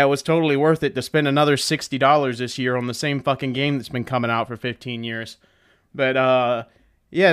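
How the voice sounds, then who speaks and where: A man's voice: fairly high pitch, a bit bright, clear, resonant tone. A young man hosting a casual solo podcast, rambling and joking with plenty of profanity. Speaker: podcast host. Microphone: desk setup with webcam.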